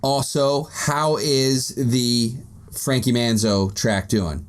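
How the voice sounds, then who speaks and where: A young man co-hosting a podcast in casual, teasing banter, quick to laugh. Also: medium pitch, fairly even intonation. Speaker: podcast co-host.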